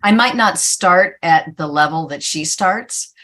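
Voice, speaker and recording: A woman's voice: on the low side, expressive, unhurried, fairly bright tone. A woman dog trainer explaining in a hesitant way, with many fillers and restarts. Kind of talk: casual webinar chat.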